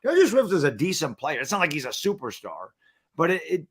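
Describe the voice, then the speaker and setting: A man in his forties co-hosting a live sports stream, loudly trash-talking and teasing. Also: a little high, huge pitch swings, fairly quick, crowd noise. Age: 40s. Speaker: co-host.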